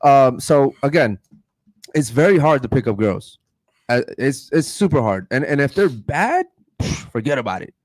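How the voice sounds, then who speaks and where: A man's voice: mid-range voice, very animated, moderate pace, no room sound. Rambling male podcast host. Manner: rambling, filler-heavy. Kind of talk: casual podcast chat.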